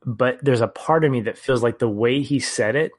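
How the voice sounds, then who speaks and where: A man's voice: mid-range voice, normal speed. A man co-hosting a casual film podcast, earnestly retelling scenes and his reactions. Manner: earnest, storytelling recap. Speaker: podcast co-host.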